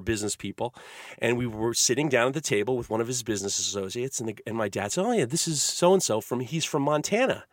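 A man's voice: no echo, clean studio sound. A man co-hosting a podcast, telling a long anecdote in casual chat and acting out the voices of the people in it. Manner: animated storyteller, acts out voices with big pitch swings. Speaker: podcast co-host.

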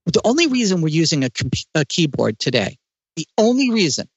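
A man speaking as an interview guest, explaining ideas in a lively way with frequent restarts. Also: on the high side, fairly quick, slightly rough, no room sound, highs cut off. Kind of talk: conversational interview.

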